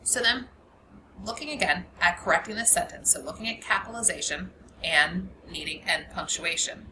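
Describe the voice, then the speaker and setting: A woman's voice: fairly low pitch, normal speed. Patient woman teacher, noisy recording. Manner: patient, explains step by step, repeats key points. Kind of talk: classroom grammar lesson.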